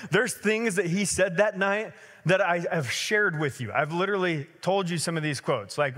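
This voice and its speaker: A man in his thirties preaching a sermon as a pastor, telling stories in a lively conversational way with many fillers. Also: fairly high pitch, in a large hall.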